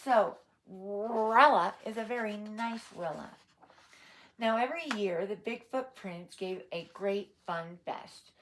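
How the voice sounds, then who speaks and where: Slow, playful storytime reader, a woman. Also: medium pitch, fairly bright tone, slight background noise. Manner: asks listeners questions, playful asides. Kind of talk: read-aloud storytime for children.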